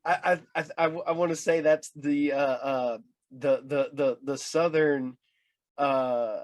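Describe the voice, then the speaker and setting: Halting man podcast host, dry sound. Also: mid-range voice, steady tone, no room sound. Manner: halting, many repeated starts and fillers. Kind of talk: casual interview. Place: at home with his dog.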